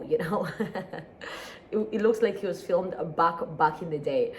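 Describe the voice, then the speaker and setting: A woman's voice: lowish voice, brisk, a little mellow, a little hiss or hum. A woman with an East African accent, a tired, sleepy daily vlogger chatting casually and rambling, with frequent sighs and laughs. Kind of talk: casual chat.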